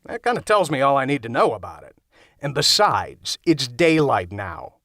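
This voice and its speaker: A man's voice: medium pitch, sing-song, normal speed, bright, forceful tone, no echo. Casting: man voicing dry, blunt young guy, bored and unshakable, audiobook role, dead-dry booth sound. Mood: deadpan. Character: bored deadpan young man, unflappable coworker. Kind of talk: audiobook character voice. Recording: dry close studio sound.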